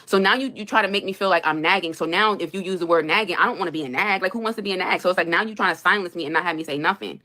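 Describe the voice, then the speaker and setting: A woman's voice: fairly low pitch, very fast, few pauses, bright, forceful tone. A young woman on a live stream, venting about her marriage in an exasperated, emphatic way and repeating her points. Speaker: livestreamer reacting to super chats. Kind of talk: heated live-stream rant.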